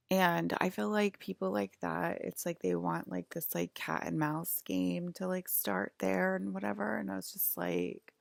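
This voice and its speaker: Gravelly, low-voiced young woman rambling. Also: dry recording. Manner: rambling, heavy filler words. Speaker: vlogger. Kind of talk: casual rambling story.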